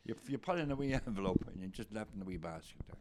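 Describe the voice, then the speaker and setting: A low-voiced older man fires off quick remarks from a distance, in rapid bursts. His audio is noisy and clicky, caught off-mic. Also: expressive. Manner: quick interjections. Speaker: podcast co-host. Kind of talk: casual chat.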